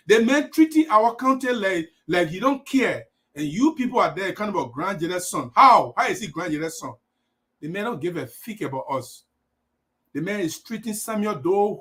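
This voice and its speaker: A man with a Liberian English accent speaks on a live stream in an emphatic, preachy way, repeating his points. His voice sits high and swoops widely in pitch. He sounds impassioned throughout. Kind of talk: impassioned political livestream.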